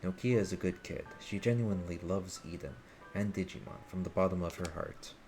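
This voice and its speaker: An earnest young hacker leader who speaks in formal, solemn sentences about protecting his world, read by a man in his own deep voice. The voice sits very low. Game music plays clearly behind him. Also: fairly quick, a little mellow.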